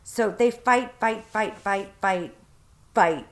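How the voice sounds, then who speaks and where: Animated Southern woman telling stories. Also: mid-range voice, takes it slowly. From Southern United States. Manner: animated storyteller, acts out quoted voices. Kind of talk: casual chat.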